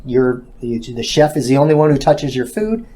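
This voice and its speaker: A man's voice: medium pitch, lively intonation, normal speed, mellow, slightly rough. A man speaking as a guest in a business interview, explaining in a casual way with some fillers. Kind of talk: video interview answers.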